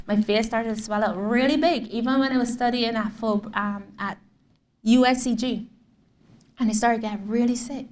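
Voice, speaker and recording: A woman's voice: fairly high pitch, darkish tone. A Barbadian woman, likely in her thirties, giving a lecture as a guest artist, telling her story animatedly and acting out what people said. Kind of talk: public lecture. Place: lecture hall. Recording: roomy hall, distant mic, faint room noise.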